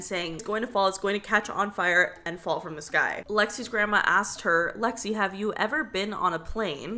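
A woman's voice: mid-range voice, bright, forceful tone. A young woman vlogger casually retelling a spooky story, chatty and dramatic, with lots of fillers. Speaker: vlogger host.

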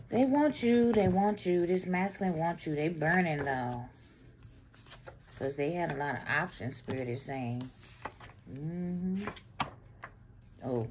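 A woman giving a casual tarot reading, talking bluntly and explicitly, swinging between loud bursts and low murmurs. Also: slight background noise. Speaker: tarot reader.

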